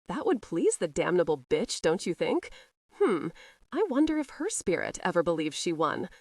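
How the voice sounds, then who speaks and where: A woman's voice: on the low side, very animated, normal speed, darkish tone, dry recording, clean studio sound. A woman voicing a spirited young wife who teases and mocks her husband in a playful, lilting way. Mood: teasing. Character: spirited teasing young wife, sharp-tongued heiress.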